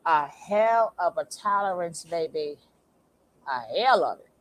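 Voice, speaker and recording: A woman hosting a reaction channel, talking loudly and animatedly in casual commentary, laughing and repeating her phrases. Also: fairly low pitch, animated, slow pace.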